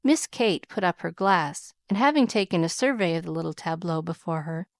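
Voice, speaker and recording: A woman narrating a classic novel as an audiobook in a measured, even reading. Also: fairly low pitch, no room sound, studio quality.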